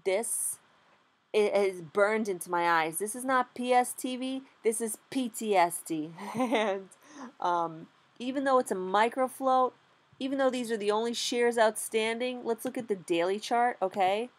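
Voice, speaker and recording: A young adult woman giving a casual vlog recap as a beginner stock trader, animated and candid, with lots of "like" and frequent swearing. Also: a little high, measured pace.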